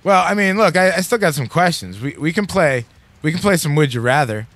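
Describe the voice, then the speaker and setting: A man hosting an uncensored radio show, joking and asking silly questions in a deadpan, profane way. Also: fairly high pitch, fairly quick, no room sound. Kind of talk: casual joking banter.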